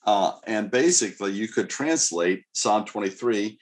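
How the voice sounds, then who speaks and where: A man's voice: lowish voice, animated, a little slow, hardly any pauses. A middle-aged male pastor preaching a sermon in an earnest, conversational way with casual asides.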